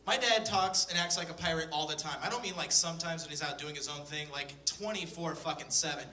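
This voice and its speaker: Young man, stand-up storyteller, deadpan and profane, very bright voice, echoey room heard from afar. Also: fairly high pitch, quick pace, recorded from a distance, a little hiss or hum. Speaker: stand-up comedian. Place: comedy stage before a live audience.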